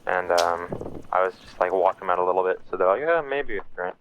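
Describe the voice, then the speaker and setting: A man's voice: deep voice, lively intonation, brisk, highs cut off, slight background noise. A man in casual voice chat telling a game story, acting out radio calls, on a close headset mic with audible breathing. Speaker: player in a military sim game. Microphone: headset mic too close, breathing audible.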